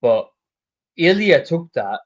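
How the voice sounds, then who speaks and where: A man's voice: on the high side, very animated, takes it slowly, dull audio. A man hosting a stream and chatting casually about fight news, swearing freely and rambling through stories with fillers. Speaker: stream host.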